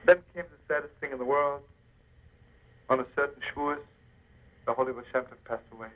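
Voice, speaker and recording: A man's voice: mid-range voice, steady tone, fairly quick, narrow, tinny audio. A man telling a Hasidic tale on the radio, addressing listeners as friends with chuckles and emphasis. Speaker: storyteller. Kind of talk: spoken storytelling on radio.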